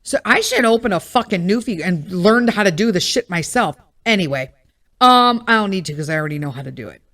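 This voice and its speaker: A woman's voice: medium pitch, a little fast. Foul-mouthed woman telling a story. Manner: animated, profane storytelling with frequent asides to listeners. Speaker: podcast host. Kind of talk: casual monologue.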